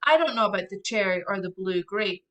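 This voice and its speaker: Woman doing a carefree young girl, breezy and cheerful, bright voice, storybook reading. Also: medium pitch, lively intonation, brisk, recorded from a distance, muffled recording, lightly acted. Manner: breezy, reassuring.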